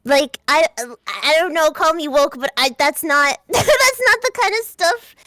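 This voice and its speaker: A young woman from Alberta, Canada, hosts a casual stream, her high, bright voice leaping around in pitch. She's playful and giggly and often trails off before finishing a thought. The sound is close and dry. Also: animated, unhurried, dry recording. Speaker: VTuber streamer. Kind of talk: casual chat.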